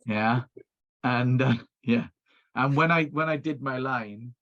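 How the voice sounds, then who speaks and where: A man's voice: mid-range voice, slow. Welsh man, middle-aged, talkative storyteller, video call, muffled lo-fi sound. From Wales. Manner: chatty storyteller with many restarts. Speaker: video producer guest. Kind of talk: casual interview chat.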